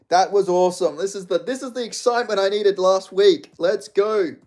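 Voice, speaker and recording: An Australian man giving a live fight reaction, excitable and profane, shouting at big moments. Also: high-pitched, normal speed, few pauses.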